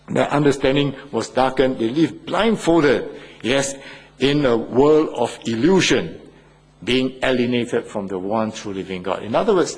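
A man preaching a sermon, earnest and deliberate, repeating phrases and asking rhetorical questions. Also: medium pitch, slightly rough.

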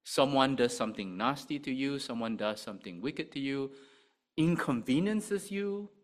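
A man preaching a sermon, asking rhetorical questions and swinging between loud emphasis and quiet, low asides. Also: normal speed. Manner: animated, rhetorical questions, rises and drops sharply in volume.

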